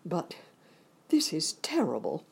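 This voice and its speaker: An indignant storybook tin man speaks out sharply, as a woman reads him. The voice is low and husky, with a slow pace. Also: huge pitch swings, darkish tone, full character voice. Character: male tin man, longing for a heart.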